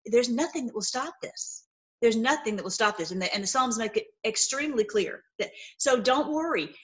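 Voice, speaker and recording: A woman giving casual livestream commentary, animated and rambling, with frequent restarts and fillers. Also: a little high. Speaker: online commentator.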